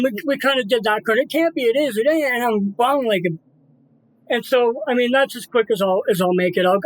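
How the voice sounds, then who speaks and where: A man's voice: sits high, low-quality recording. A middle-aged man telling an emotional personal story as an interview guest, earnest and repetitive, acting out voices. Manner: earnest, repeats himself, acts out voices in his story.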